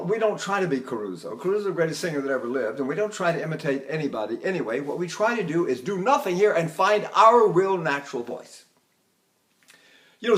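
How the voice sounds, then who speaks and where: An older man giving a voice lecture, animated and breaking into sung demonstrations. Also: high-pitched. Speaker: voice teacher.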